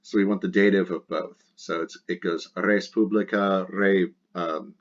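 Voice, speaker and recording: Deep-voiced man teaching Latin grammar. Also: steady tone, a little slow. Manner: methodical, explains grammar step by step with fillers. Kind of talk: recorded lecture working through exercises. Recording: dull lo-fi recording.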